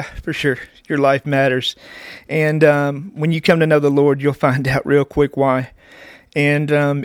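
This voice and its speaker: Guy fighting tears a bit, halting, lots of ums, voice a touch high. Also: clean tone, dry recording, clean studio sound. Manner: emotional, halting, many ums. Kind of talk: encouraging message.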